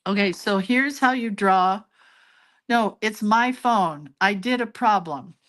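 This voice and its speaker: A woman's voice: mid-range voice, takes it slowly, fairly bright tone. Chatty older woman teaching doodling. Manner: chatty, self-deprecating, laughs at her own mistakes. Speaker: hand-lettering and doodling teacher. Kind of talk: casual live drawing tutorial.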